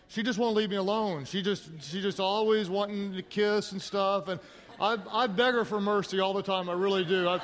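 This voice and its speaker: A middle-aged man from Oklahoma, a guest pastor preaching in an energetic, joking, self-deprecating way. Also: sits high, a little hiss or hum. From Oklahoma, United States. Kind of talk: sermon. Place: large church sanctuary with congregation. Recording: hall reverb with crowd.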